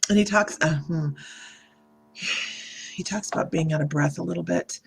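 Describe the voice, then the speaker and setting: Gravelly-voiced woman giving a psychic reading. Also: on the low side. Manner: halting, meandering, reads out viewer comments and greets viewers by name. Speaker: psychic medium. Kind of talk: live-streamed psychic reading.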